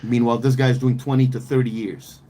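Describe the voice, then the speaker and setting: A man hosts a casual podcast in a middle-pitched voice, rambling from point to point with emphatic slang and frequent swearing. He restarts sentences often as he builds his argument. A faint ambient hum sits behind him. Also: flat delivery, brisk, dark tone, rough recording. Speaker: podcast host. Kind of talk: casual opinionated podcast chat.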